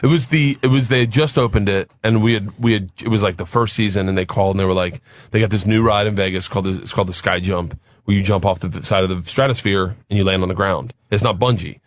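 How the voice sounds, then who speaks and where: Man, animated storyteller, talk-show guest, dry studio sound, cursing, loud quoted outbursts. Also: fairly low pitch, quick pace, no echo. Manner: animated storyteller, swears a lot, shouts quoted lines.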